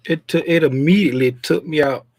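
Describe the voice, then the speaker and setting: A man's voice: a little high, brisk, a little mellow, dry recording. Frustrated man muttering while trading. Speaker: trading channel host. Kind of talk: casual live commentary while trading.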